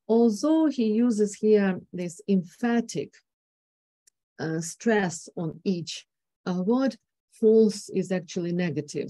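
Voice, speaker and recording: A woman's voice: lowish voice, dark tone, no echo. Woman giving a hesitant conference talk. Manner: hesitant, many fillers and restarts. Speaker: conference speaker. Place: conference hall.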